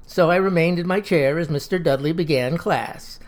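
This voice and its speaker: An older storyteller spinning a folksy first-person yarn in old-fashioned phrasing. The voice sits mid-pitch and plain, with an easy, matter-of-fact telling. It is a spoken story reading. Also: normal speed.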